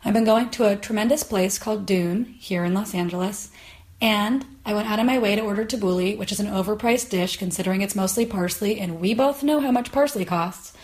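A woman's voice: medium pitch, fairly quick, a little mellow. A woman hosting a comedy podcast, ranting in a sarcastic, exasperated way. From United States. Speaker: podcast host. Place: Los Angeles.

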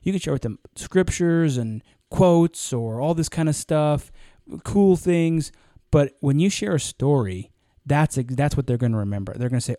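A man co-hosting a podcast in casual chat, animated and rambling, with lots of fillers and restarts. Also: fairly high pitch, moderate pace, no room sound, clean studio sound. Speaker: podcast co-host.

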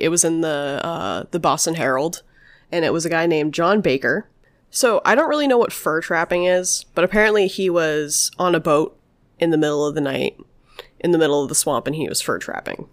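A woman's voice: sits low, brisk. A woman hosting a casual podcast, telling paranormal stories in a rambling way, full of "like" and "obviously". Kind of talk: casual storytelling chat.

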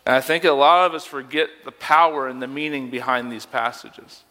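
A man's voice: mid-range voice, brisk, sharp tone. Emphatic young male youth pastor, echoing hall. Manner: conversational and emphatic, asking rhetorical questions. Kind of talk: sermon.

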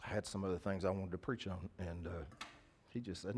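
A man's voice: low voice, fairly even intonation, brisk, darkish tone, slight background noise. Folksy preacher man. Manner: folksy, talks to congregation directly. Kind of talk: sermon.

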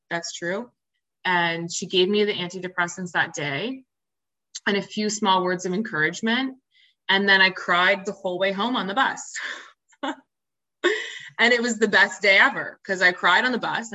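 On a podcast, a female guest shares her personal story openly and earnestly, with plenty of fillers and restarts. Her mid-range voice has a sharp tone and a moderate pace, and the recording is rough.

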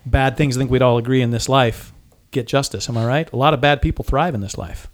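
A man's voice: mid-range voice, fast talker. A man co-hosting a casual podcast chat, upbeat and encouraging. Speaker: podcast co-host.

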